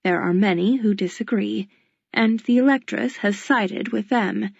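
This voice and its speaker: An imperious duchess, as a woman reader puts her on, clipped and condescending, her words landing with cold command. The voice has a gravelly edge. The audiobook recording sounds dull and dry. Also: mid-range voice, a little slow, no echo. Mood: confiding. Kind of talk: audiobook character voice.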